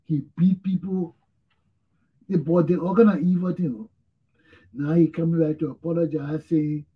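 Blunt man, husky and lo-fi. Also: a little high. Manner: blunt, repetitive, emphatic. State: tired, yawning. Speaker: talk show host. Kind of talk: casual solo commentary.

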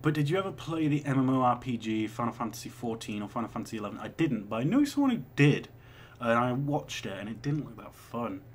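A young man in his twenties talks loosely through viewer questions, rambling from one thought to the next with a mid-pitched voice. A faint hiss sits under the recording. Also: big pitch swings, fast. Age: 20s. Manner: rambling and chatty, with swearing and laughs. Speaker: vlogger answering viewer questions. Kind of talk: casual chat.

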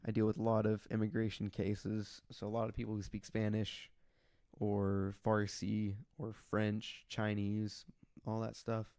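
Speaking in a lowish, monotone voice that's creaky and a little mellow, this man co-hosts a casual podcast at a measured pace. He tells meandering tales from his detention officer job, voicing the people he quotes.

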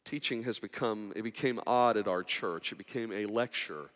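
A man pastor preaching a sermon, moving between quiet, intimate passages and raised, urgent appeals. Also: on the low side, moderate pace. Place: church sanctuary. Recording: long reverb of a large hall.

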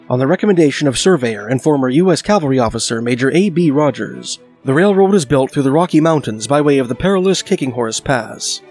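A man reading a scripted documentary narration in a measured, even storytelling manner. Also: medium pitch.

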